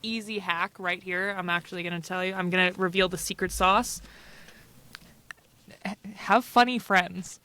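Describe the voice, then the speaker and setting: A woman's voice: on the low side, fairly even intonation, normal speed, bright, forceful tone. A woman guest on a casual podcast chat, teasing the others and joking. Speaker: podcast guest, actual play performer.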